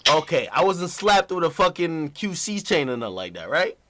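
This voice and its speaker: Man, stream host, bright voice, lively pitch, slangy, swears, casual chat. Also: normal speed, a little hiss or hum. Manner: animated, slangy, swears freely. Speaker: livestream host. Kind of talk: casual livestream interview.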